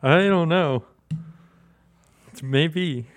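A young man hosting a casual chat, laid-back, laughing often and pausing on fillers. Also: a little high, crowd noise. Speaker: host.

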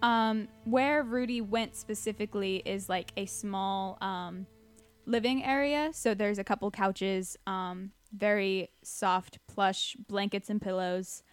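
A woman narrating a tabletop game as game master, relaxed and hesitant with many fillers. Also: mid-range voice, slow pace, clear, resonant tone, faint music behind.

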